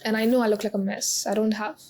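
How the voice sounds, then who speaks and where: A woman in her twenties talking in a confessional vlog, halting with many pauses and close to tears. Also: mid-range voice, little pitch movement, darkish tone, rough recording. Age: 20s. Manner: halting, full of pauses and restarts. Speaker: vlogger.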